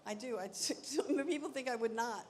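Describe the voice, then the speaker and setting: An older woman being interviewed on stage, telling lively stories and acting out the voices of the people she quotes. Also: fairly high pitch, moderate pace, slight background noise. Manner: animated, acts out quoted voices. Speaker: interview guest. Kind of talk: anecdotal storytelling on stage.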